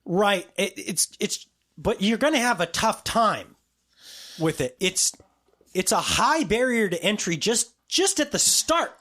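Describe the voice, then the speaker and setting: A man's voice: sits high, sing-song, a little slow, sharp tone. A man co-hosting a casual podcast chat about a movie, rambling with restarts and mimicking other people in quotes. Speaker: podcast co-host.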